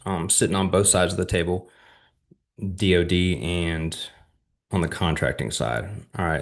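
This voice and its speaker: Deep-voiced male host, relaxed advice talk, conversational and direct. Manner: conversational, often checks in with "all right?". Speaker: channel host and defense contracting advisor. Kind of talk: casual instructional talk to viewers.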